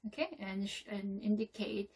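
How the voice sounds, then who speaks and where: A woman's voice: medium pitch, a little mellow, breathy edge. A woman teaching English intonation in a lecture, explaining step by step and checking in often. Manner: explains slowly, with frequent "okay?" checks.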